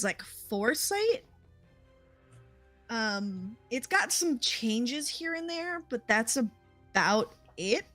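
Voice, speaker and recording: Woman dm over a voice call, slow and halting, kinda high voice, um and like everywhere. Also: fairly bright tone, no room sound. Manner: hesitant, many ums and likes. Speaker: game master. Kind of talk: narrating a tabletop game.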